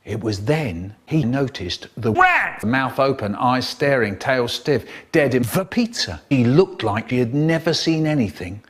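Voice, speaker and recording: Animated male storyteller with a lively voice. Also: mid-range voice, unhurried, breathy edge. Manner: dramatic, with big swings between loud and hushed.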